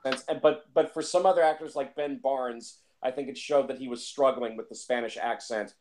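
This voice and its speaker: Man, casual film talk, rambling, restarts a lot, medium pitch. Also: steady tone, fairly quick, background noise. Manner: rambling, repeats words, many fillers. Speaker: film reviewer.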